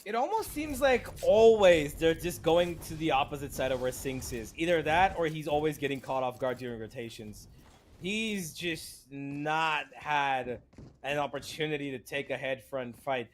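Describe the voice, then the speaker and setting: A young man casting a live esports match, excitable and jokey, with bursts of disbelief. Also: on the high side, normal speed. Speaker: esports caster.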